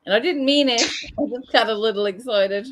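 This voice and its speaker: A woman's voice: on the high side, normal speed, a bit bright. A woman hosting a casual livestream, joking and swearing freely as she chats with viewers. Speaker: livestream host.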